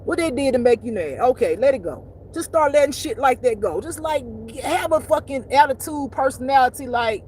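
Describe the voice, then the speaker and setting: A woman's voice: sits high, lively intonation, moderate pace, hardly any pauses, a little mellow, a little hiss or hum. A woman giving blunt, profane, emphatic spiritual life advice in a casual talk.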